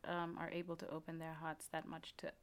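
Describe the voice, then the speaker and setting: A woman co-hosting a podcast, giving thoughtful advice in a casual chat with many soft agreements. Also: low voice, monotone, fairly quick. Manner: reflective advice-giving, frequent mm-hmm backchannels. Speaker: podcast co-host.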